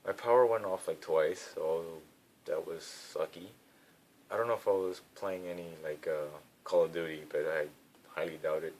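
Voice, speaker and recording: A young man with a deep, low voice recaps his days in a loose, rambling way, full of "like" and "you know". He talks into a phone mic, with a faint rumbling hiss underneath. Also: fairly even intonation, normal speed, a little mellow. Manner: rambling, filler-heavy storytelling. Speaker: vlogger. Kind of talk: casual chat.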